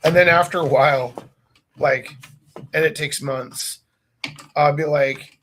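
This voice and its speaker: A man's voice: a little high, slow, a little hiss or hum. Chatty man in his forties telling classroom stories. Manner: animated, acts out his students' voices; loose and joking. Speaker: art teacher painting live. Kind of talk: casual storytelling while painting.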